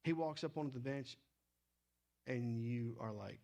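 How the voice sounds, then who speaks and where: A man preaching a sermon in a casual, animated way, slipping into quick acted asides. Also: medium pitch, vocal fry. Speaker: pastor.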